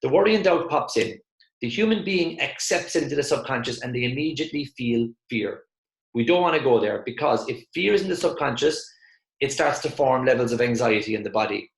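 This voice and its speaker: A man's voice: medium pitch, expressive, fairly quick, vocal fry. A man giving a motivational sales talk in an emphatic, repetitive way, now and then acting out other people's voices. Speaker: motivational speaker. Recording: echoey room.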